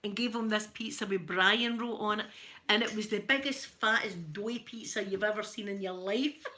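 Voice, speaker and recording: A Scottish woman with a Glaswegian accent, chatting casually to her viewers. She tells funny stories, laughs a lot, and her throat is a little hoarse. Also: mid-range voice, normal speed, sharp tone. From Scotland. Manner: chatty storyteller, laughs often, mimics voices. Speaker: ASMR channel host.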